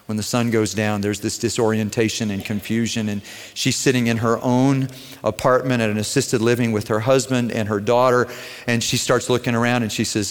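A man preaching a sermon as a pastor, earnest, moving between quiet tenderness and raised intensity. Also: medium pitch, a little fast. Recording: long hall reverb.

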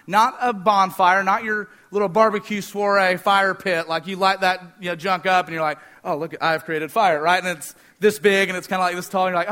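A young man preaching a sermon, telling a story in an animated way and asking the audience questions. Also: high-pitched.

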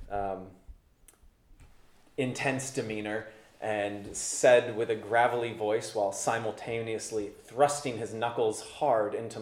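Low-voiced guy priest giving a homily, chatty and loose with lots of ums, echoey room. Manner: relaxed, conversational, with many fillers and restarts. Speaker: Catholic priest. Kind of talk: homily mixing personal story and preaching.

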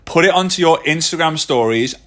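A man's voice: fairly high pitch, animated, brisk, a bit bright. A man co-hosting a casual podcast, chatty and laughing, with many fillers and restarts, speaking close to a phone mic. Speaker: podcast co-host. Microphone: phone held close.

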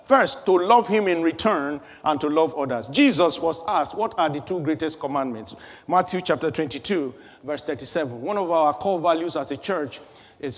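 A man with a high voice preaches a sermon, pressing his points through repeated, rising phrases. His voice rings in a long hall reverb with a dull, muffled tone. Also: lively intonation, normal speed. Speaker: pastor.

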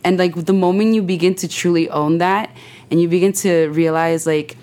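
Young woman guest, slightly low voice, animated and heartfelt, casual faith talk. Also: normal speed. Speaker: podcast guest. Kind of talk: faith-filled casual chat.

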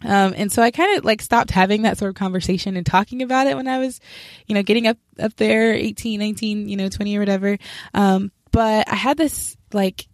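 A young woman talks through her faith testimony in a candid, self-reflective way, straightforward and sharp in how she puts things. Her voice sits at a middle pitch for a woman, and the recording is close and dry with no room sound. She slips into remembered conversations as she goes. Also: fairly quick, dry recording. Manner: straightforward, describes herself as sharp. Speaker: speaker sharing a personal faith testimony. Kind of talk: casual spoken testimony.

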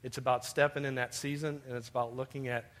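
A man's voice: mid-range voice, little pitch movement, fast, a bit bright. A man preaching a sermon, telling personal stories and addressing his listeners as beloved. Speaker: pastor.

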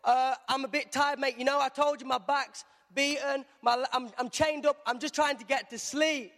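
A preacher doing a high, sarcastic grumpy prisoner. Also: male voice, fairly even intonation, normal speed, sharp tone, big-room sound, exaggerated voice. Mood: sarcastic grumbling. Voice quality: forced cheerful, bitter sarcasm. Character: grumpy, sarcastic, tired adult male prisoner.

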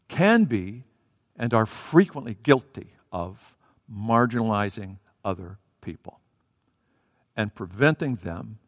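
A man preaching a sermon in a church, animated, swinging between loud and soft as he acts out the story. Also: mid-range voice, no room sound, studio quality, in a large hall.

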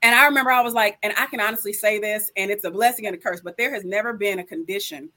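A middle-aged woman speaking about faith in a casual conversation, animated and preachy, acting out her own thoughts and calling listeners girl and sis. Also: medium pitch, quick pace. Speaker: guest speaker.

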